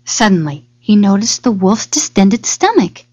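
Slow, expressive woman storyteller. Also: mid-range voice, no room sound, highs cut off. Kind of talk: storybook narration. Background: loud music.

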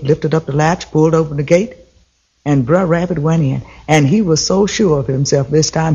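A man's voice: a little high, a little mellow, husky, muffled recording. A man telling a folktale as a storyteller, in a rhythmic, repetitive, folksy way.

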